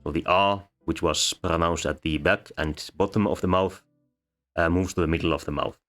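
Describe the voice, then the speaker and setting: A man explaining sound changes as a lecturer, pausing often with ums and uhs. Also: sits low, steady tone, fairly bright tone. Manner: halting, many ums and uhs. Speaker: linguistics lecturer. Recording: faint background music.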